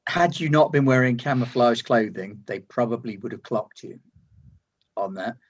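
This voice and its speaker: A man with a husky, slightly breathy voice runs a tabletop game as game master. He describes each scene patiently and reassures his players as they act. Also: mid-range voice, moderate pace, lo-fi sound.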